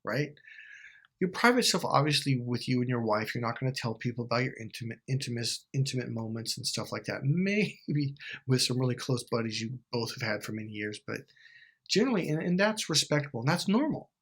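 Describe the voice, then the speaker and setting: Blunt, swearing male host, slightly husky voice, mid-range pitch, talks straight to camera. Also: lively intonation, a little fast, fairly bright tone. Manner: blunt and profane, acts out quoted lines; laughs often mid-sentence. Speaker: self-help video host. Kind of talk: casual monologue.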